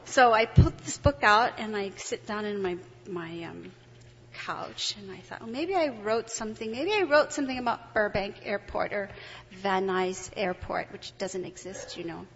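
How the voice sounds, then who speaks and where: Middle-aged woman, storyteller, husky, animated and excitable, dull hall recording with a long echo. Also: mid-range voice, normal speed. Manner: animated, excitable, laughs often. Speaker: testimony speaker. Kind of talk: personal storytelling to an audience.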